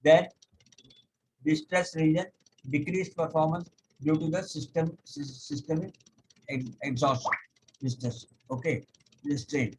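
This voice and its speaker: A man teaching a yoga class over a video call, explaining step by step, pausing on "okay", and chanting scripture verses slowly. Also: a little high, steady tone, darkish tone, a little hiss or hum, low-quality recording. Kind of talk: online lecture.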